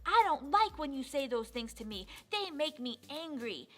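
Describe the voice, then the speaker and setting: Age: adult. Figure: a woman reading a young storybook cow with a temper. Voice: high, bright. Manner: plain, lightly acted quoting. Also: big pitch swings, moderate pace. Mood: upset. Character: angry young female cow who can't control herself.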